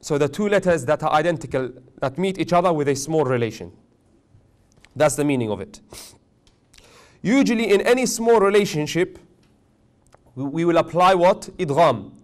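A man teaching a tajweed class, questioning his students often and joking gently. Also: fairly high pitch, expressive, normal speed, long pauses. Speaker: Quran recitation teacher.

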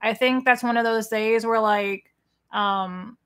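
A woman's voice: on the high side, fairly even intonation, slow, fairly bright tone. A woman co-hosting a casual livestream, talking in a chatty, rambling way with many fillers. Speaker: co-host of a livestream watch party.

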